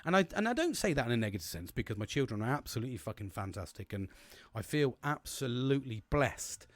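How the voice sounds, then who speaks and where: A man's voice: medium pitch, sing-song, fast talker, no echo. A man in his forties, hosting a podcast in a casual solo monologue, rambling and swearing with many restarts. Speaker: podcast host.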